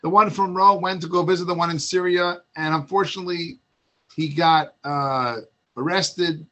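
A man giving a Torah talk, telling an old story in a lively, casual way full of asides and restarts. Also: a little high, normal speed, highs cut off.

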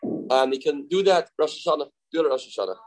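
A man's voice: on the high side, lively intonation, poor audio. Man teaching a Talmud class. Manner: explains in English, mixing in Hebrew and Aramaic terms, acts out quoted speakers; halting, self-correcting delivery.

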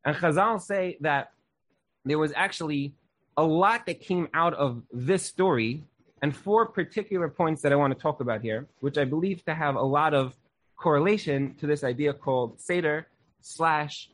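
A man's voice: fairly high pitch, normal speed. A young man teaching a Torah class in an earnest, casual way, often saying "like". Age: young adult.

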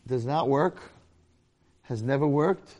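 A man's voice: medium pitch, slow, warm tone, dull audio. A middle-aged man, a rabbi and longtime teacher, giving an informal Torah lecture, telling stories and acting out the voices of the people in them. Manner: storytelling with acted-out voices and jokes.

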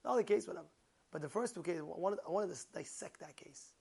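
Animated rabbi teaching a Torah class. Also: male voice, sits high, quick pace, gravelly, breathy edge. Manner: animated, asks the room questions, many fillers.

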